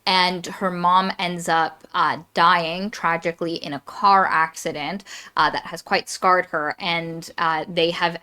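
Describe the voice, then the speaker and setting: Chatty woman with a low voice. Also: steady tone, a little slow, sharp tone, clear, resonant tone. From Florida. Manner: chatty, restarts often, summarizing plot. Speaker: podcast co-host. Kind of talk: casual book discussion.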